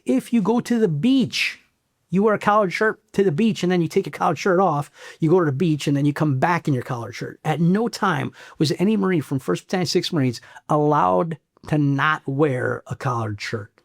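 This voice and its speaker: A middle-aged man from Chicago's South Side tells a story in an interview. His voice sits a little high for a man, and his delivery is blunt and animated. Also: moderate pace, gravelly. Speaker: former Marine master sergeant, guest.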